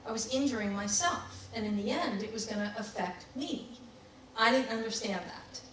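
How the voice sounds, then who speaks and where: Woman, highish voice, candid reflective talk, heavy room echo, mic set back. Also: moderate pace, fairly bright tone. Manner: candid, laughs at herself. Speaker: spiritual speaker. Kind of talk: reflective talk on personal growth. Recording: very echoey room, distant mic, faint noise.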